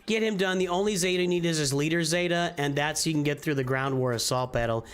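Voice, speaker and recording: His voice is a little high, clear and resonant, and he talks fast. Streaming live with faint background music, he offers casual commentary on viewers' game rosters, thinking aloud, restarting and repeating phrases.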